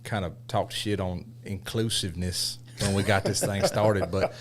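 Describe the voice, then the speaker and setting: A man's voice: low-pitched, fairly even intonation, normal speed, a little hiss or hum. A man who runs a custom motorcycle shop, chatting casually on a podcast, emphatic and swearing freely. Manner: profane, emphatic and fired up.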